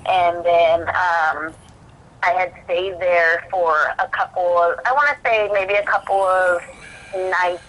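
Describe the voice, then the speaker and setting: A woman's voice: on the low side, fairly even intonation, slow, a bit bright, low-quality recording. A woman, a podcast guest speaking from prison, telling her own story candidly with many fillers and restarts, acting out what she thought at the time. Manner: rambling, filler-heavy, reenacts her own past thoughts in quotes.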